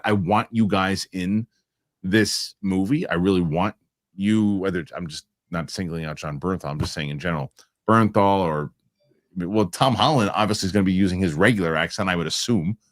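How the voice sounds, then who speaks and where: A man hosting a casual film chat show, talking emphatically and repeating himself as he makes a point. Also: fairly low pitch. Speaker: host. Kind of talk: casual panel chat about films.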